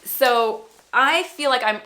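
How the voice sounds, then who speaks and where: A woman's voice: fairly high pitch, slow pace, bright, forceful tone. A woman in her thirties telling her personal faith story to her own camera in a casual, earnest and emotional way, rambling and restarting as she goes. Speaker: vlogger sharing a faith testimony. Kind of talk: casual spoken testimony. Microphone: self-filmed camera.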